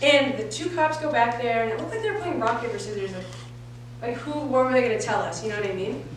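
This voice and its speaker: A woman in her twenties performs stand-up on a comedy venue stage, telling stories full of swearing and laughing at her own lines. Her voice sits on the high side and she talks fast. The mic is far off in an echoey live room, with a noisy audience in the background.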